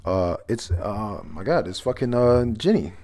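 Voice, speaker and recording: Low, mellow-voiced man chatting loosely. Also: lively intonation, measured pace. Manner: rambling and loose, swears, reads panels aloud. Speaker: manga chapter reviewer. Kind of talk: casual chat.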